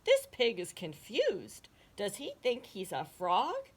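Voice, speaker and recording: A woman voicing a touchy chorus of frogs in a storybook, exclaiming in a high, squeaky, indignant voice. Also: huge pitch swings, slow pace, husky, heavily acted.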